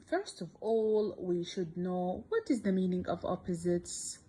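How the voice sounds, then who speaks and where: A woman whose first language is Arabic, teaching English to young children, speaking deliberately and repeating words for beginners. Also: fairly low pitch, expressive, mellow, breathy edge.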